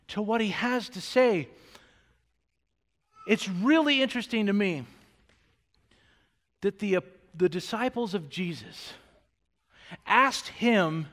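A pastor preaching a sermon in a church, building from steady storytelling to loud, shouting passages. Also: male voice, very high voice, big-room sound. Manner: builds to loud shouting passages, then drops to a quiet close. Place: church sanctuary.

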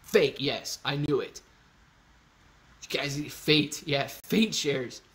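A man hosts a casual livestream Q&A, reading viewer comments aloud, getting excited, thinking out loud and repeating himself. His pitch is fairly high and he talks slowly.

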